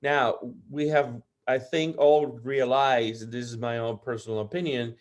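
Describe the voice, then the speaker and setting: A man hosting a roundtable discussion, speaking haltingly with many fillers. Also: mid-range voice, steady tone. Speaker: host.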